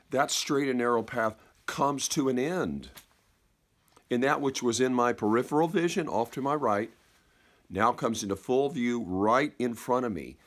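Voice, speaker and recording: A man telling a personal story in a slow, reflective way, halting and repeating words and dropping softer at key moments. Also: lowish voice. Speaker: speaker.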